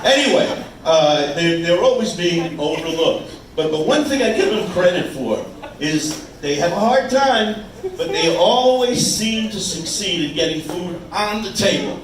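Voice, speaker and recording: A man doing stand-up on a small club stage, ribbing the audience with quick jabs and stop-start asides. His voice sits a bit high, and it comes across distant and echoing, with a faint hum of the room underneath. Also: lively intonation. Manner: wisecracking, teasing the crowd, halting restarts. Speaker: stand-up comedian. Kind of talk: stand-up comedy set. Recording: echoey room, mic heard from afar.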